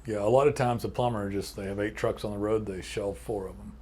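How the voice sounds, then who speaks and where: Brief: podcast host, man, lowish voice, blunt and emphatic. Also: fairly even intonation, a little fast, darkish tone, husky. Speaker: podcast host and agency owner. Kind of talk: casual business chat.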